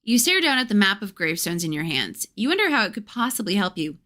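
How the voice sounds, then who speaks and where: A woman's voice: mid-range voice, big pitch swings, quick pace, pushed and bright. A woman streamer reading a gamebook aloud and breaking off for chatty, wry asides.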